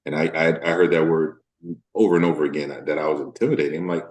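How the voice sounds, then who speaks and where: With a steady tone and a roomy sound, a Deep South actor opens up as an interview guest. He speaks thoughtfully and haltingly, using lots of fillers.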